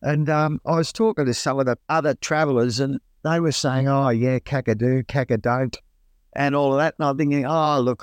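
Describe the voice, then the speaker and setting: A middle-aged Australian man, a guest telling stories in a relaxed, colloquial way and acting out his own exclamations. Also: medium pitch, dry recording. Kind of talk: casual storytelling.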